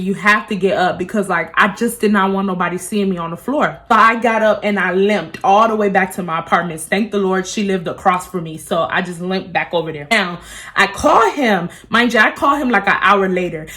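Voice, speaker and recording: A young woman, telling a casual storytime vlog in a profane, animated way and acting out what people said. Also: mid-range voice. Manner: animated, profane, acts out quotes.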